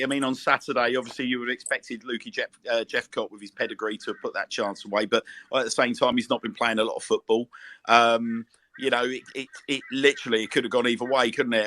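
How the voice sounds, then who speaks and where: A man's voice: medium pitch, bright, forceful tone. A middle-aged man hosting a casual podcast interview, chatty and bantering. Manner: chatty, bantering, calls people mate. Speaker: podcast host.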